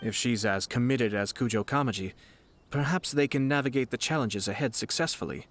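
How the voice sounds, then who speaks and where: An actor playing a poised, courteous young noble commissioner in a video game, who speaks in a formal, measured, polite way. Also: male voice, medium pitch, fairly bright tone, slight background noise, natural voice. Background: game music.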